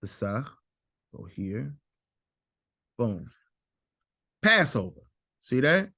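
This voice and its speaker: A man teaching a Bible lesson while sharing his screen, slowly repeating and stressing Hebrew words. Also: medium pitch, sing-song, sharp tone, slightly rough, no echo, studio quality. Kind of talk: screen-share scripture lesson.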